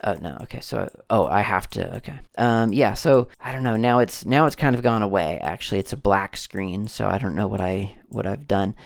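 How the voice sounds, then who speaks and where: A man casually talking through a software demo as he clicks around, thinking aloud and correcting himself often. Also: fairly low pitch, normal speed, gravelly, hardly any pauses, dry recording. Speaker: tech video host. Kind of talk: casual screen-recorded software walkthrough.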